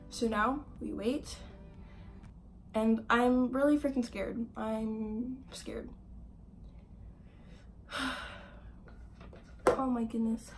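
A woman vlogging in a casual way, nervous and giggly, with lots of filler words. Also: a little high. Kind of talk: casual vlog talk.

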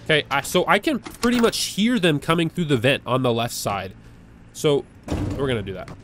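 A fairly high-voiced man talks his way through a scary game, nervous and jumpy. He repeats words in rapid bursts and pleads with the monsters on screen. A faint hiss of noise sits under his voice. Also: expressive. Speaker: gaming video creator. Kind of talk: live let's-play commentary.

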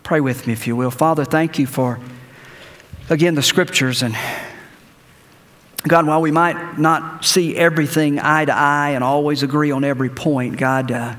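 A man's voice: on the high side, steady tone, normal speed, fairly bright tone. A man preaching a sermon as pastor, telling a story and leading the congregation in prayer. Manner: conversational preaching with anecdotes, ends in prayer. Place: church sanctuary. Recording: church hall reverb.

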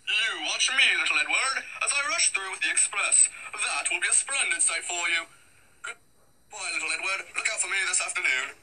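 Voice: medium pitch, expressive, normal speed, sharp tone, poor audio. A fan voice actor playing a boastful, proud big male steam engine in a redub, pompous and grumbling.

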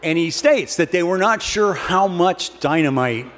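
A man's voice: high voice, expressive, measured pace, a bit bright. Wry man telling a comic story. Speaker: humorist keynote speaker. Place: large hall before an audience. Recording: long hall reverb, faint background noise.

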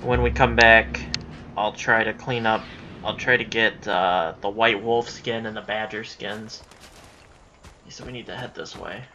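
Young man, let's-play commentary, chatty, frustrated, yells when excited, bright tone. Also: lowish voice, a little slow, dull audio, a little hiss or hum. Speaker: gameplay commentator.

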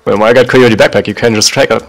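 A man's voice: lowish voice, steady tone, quick pace, creaky, low-quality recording. A man chatting casually while playing a shooter game with a friend, laid-back and swearing often. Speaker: gamer.

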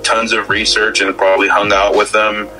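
A man's voice: on the low side, flat delivery, moderate pace, pushed and bright, soft background music, low-quality recording. A man co-hosting a podcast, chatting casually about a film, rambling with lots of stammers and restarts. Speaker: podcast co-host. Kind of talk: casual film-discussion chat.

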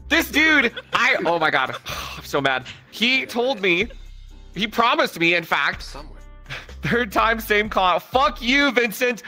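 A man streaming, giving comedic call-outs to friends in a loud, exasperated, swearing rant. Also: high-pitched, expressive, takes it slowly, soft background music.

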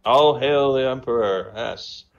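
A man with a mid-range, creaky voice speaks unhurriedly over online voice chat, the audio dull and crowd noise behind him. He tells a string of jokes casually, chatting away and laughing at his own punchlines.

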